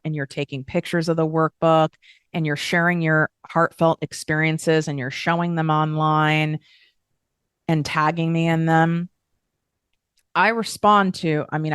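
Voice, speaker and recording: A woman's voice: low-pitched, a bit bright, clear, resonant tone, no room sound, clean studio sound. A woman hosting a podcast, talking frankly and emphatically in a candid self-help monologue, swearing casually. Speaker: podcast host.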